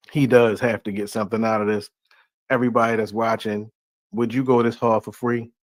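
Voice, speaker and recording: A man of middle pitch rambles easily as he hosts a live stream. His talk is loose and casual. The recording is dry and close. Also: normal speed, dry recording. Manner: laid-back, loose and rambling. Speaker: host.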